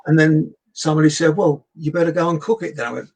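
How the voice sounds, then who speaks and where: Older English entertainer, husky, raconteur who acts out his anecdotes. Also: on the high side, fast, low-quality recording. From England. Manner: animated storyteller, acts out quoted voices. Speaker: guest entertainer. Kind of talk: anecdotal chat.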